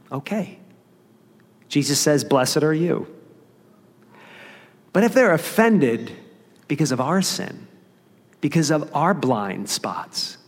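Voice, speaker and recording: A man's voice: on the high side, long reverb tail. A man preaching a sermon as pastor, earnest and conversational, with emphasis that rises and falls.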